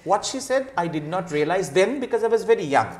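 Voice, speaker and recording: A man's voice: sits high, sing-song, fairly quick, echoey room. A man with an Indian English accent, a trainer and guest, telling a story in casual conversation. He acts out the people he quotes and slips in Hindi phrases. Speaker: faculty development trainer, guest.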